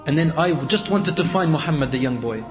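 A man's voice: on the high side, expressive, fairly quick. A male preacher dramatically retelling a religious story, voicing its people in quoted speech and mixing in Arabic phrases. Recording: echoey hall, dull lo-fi sound, faint music.

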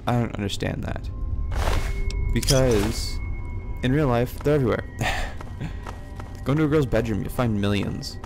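A man's voice: mid-range voice, normal speed, gravelly, pauses often. A man giving rambling let's play commentary, swearing and breaking into jumpy outbursts, with game music behind him. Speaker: gameplay commentator.

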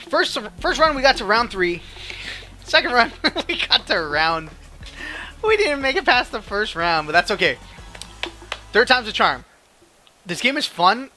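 A man giving excited, animated commentary over his own gameplay, yelping and laughing at his mishaps. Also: sits high. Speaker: gaming video host.

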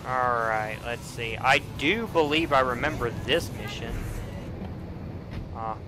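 A young man giving casual let's play commentary, with frequent profane, excitable outbursts. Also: medium pitch, slow pace, background noise. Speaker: gamer.

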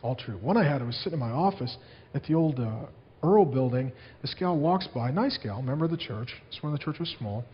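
A man's voice: medium pitch, animated, fairly quick, long reverb tail, highs cut off. A man preaching a sermon as a pastor, telling stories to his congregation in an earnest way.

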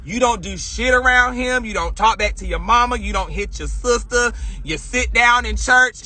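Bright, husky young woman telling a story. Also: on the high side, moderate pace, few pauses. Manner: chatty and animated, swears, slips into acted quotes. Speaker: vlogger. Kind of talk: casual storytelling.

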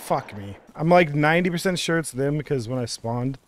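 A young man streaming a game, chatting excitedly with friends, swearing and laughing. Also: a little high, fairly quick, very noisy. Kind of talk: casual gaming chat.

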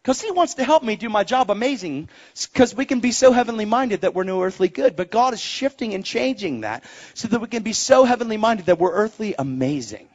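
A man preaching a sermon to a crowd, animated and excitable, swinging between hushed and loud delivery. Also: high-pitched, brisk. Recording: dull lo-fi sound.

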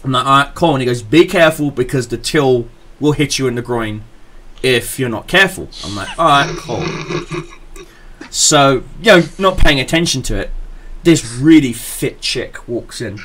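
A man's voice: medium pitch, lively intonation, moderate pace, a bit bright, a little hiss or hum. Crude laughing man telling a story. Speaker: podcast host. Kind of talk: casual storytelling.

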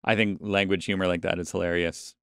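Low smooth-voiced man chatting casually. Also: level tone, a little fast, no room sound, clean studio sound. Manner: rambling, many restarts and fillers. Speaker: podcast co-host. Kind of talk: casual chat.

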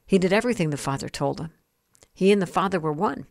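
Low-voiced earnest woman telling testimony. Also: animated, gravelly, no room sound, studio quality. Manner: earnest, storytelling, slows for emphasis. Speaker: host and Christian speaker. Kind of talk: personal testimony, sermon-like.

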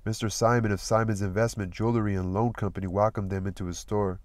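A man reading a novel aloud as narrator, in a steady, measured storytelling manner. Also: lowish voice, no echo. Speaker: audiobook reader.

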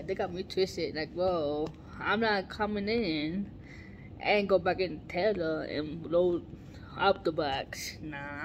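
A woman chatting casually in a daily vlog, animated and exclaiming, stretching out her words. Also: fairly low pitch, a little hiss or hum. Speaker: vlogger.

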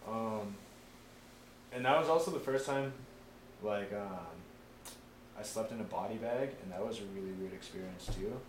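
With a lowish voice, moderate pace and long pauses, this young veteran swaps war stories in a loose oral-history style. He's profane and animated, acting out quotes, and the room is echoey with a little background noise.

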